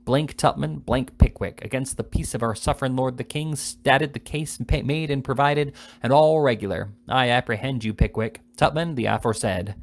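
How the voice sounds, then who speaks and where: A man's voice: mid-range voice, moderate pace, vocal fry, few pauses, lightly acted. A man voicing a blunt, officious elderly constable in a read-aloud novel.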